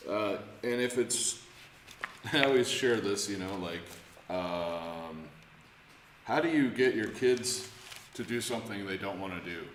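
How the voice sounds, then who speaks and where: A man's voice: lowish voice, expressive, a little slow, long pauses, a little hiss or hum. A man leading an informal Bible study, talking conversationally with many restarts and questions to the group. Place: church room. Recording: echoey church room, faint ambience.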